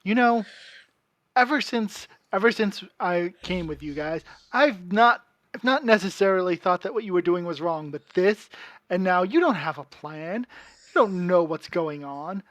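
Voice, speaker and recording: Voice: medium pitch, animated, moderate pace, no echo, close to an everyday voice. A game master voicing a frustrated woman companion who bluntly quits the group, in a tabletop game. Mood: exasperated. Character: fed-up woman companion quitting the party.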